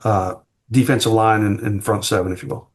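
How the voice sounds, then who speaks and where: A man's voice: lowish voice, steady tone, a little fast. Frank man breaking down football. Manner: frank, plain-spoken analysis. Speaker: guest sports writer covering Texas football. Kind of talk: casual podcast chat.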